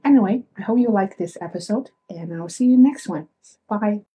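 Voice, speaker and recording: Speaking directly to the people who listen to her solo podcast, a young woman keeps it casual yet earnest and reflective. Her warm voice sits at a medium pitch and a normal speed, and the rough recording has a little hiss or hum.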